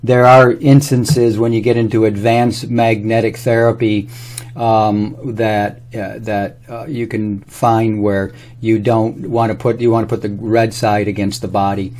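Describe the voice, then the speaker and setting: A man's voice: on the low side, level tone, a little slow, darkish tone. A man talking casually to camera, rambling through anecdotes while demonstrating a product on his own body. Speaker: presenter demonstrating a health product.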